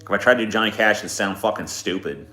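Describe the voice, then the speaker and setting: A man's voice: lowish voice, fast, bright, forceful tone. A man hosting a casual livestream, laid-back and swearing often as he answers chat requests. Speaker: livestream host. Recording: echoey room with music behind.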